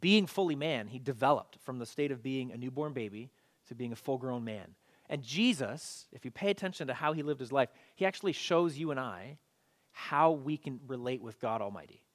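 A man preaching an online church sermon in a relaxed, conversational way, with frequent fillers and restarts. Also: medium pitch, fairly quick. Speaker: pastor. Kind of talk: casual online sermon and prayer.

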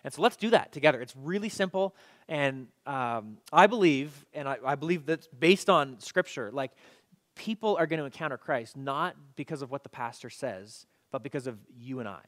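A man preaching an online church sermon in a relaxed, conversational way, with frequent fillers and restarts. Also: mid-range voice, moderate pace. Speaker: pastor. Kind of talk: casual online sermon and prayer.

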